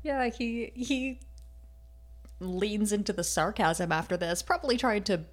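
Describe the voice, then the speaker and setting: A woman's voice: medium pitch, measured pace. A young woman co-hosting a casual book discussion, wry and blunt, with the odd swear word. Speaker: podcast co-host.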